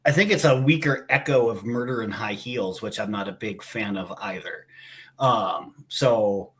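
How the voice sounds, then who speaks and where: A man's voice: on the low side, measured pace, a bit bright. A man giving his song rankings in a casual chat, hesitant and full of fillers. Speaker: podcast co-host.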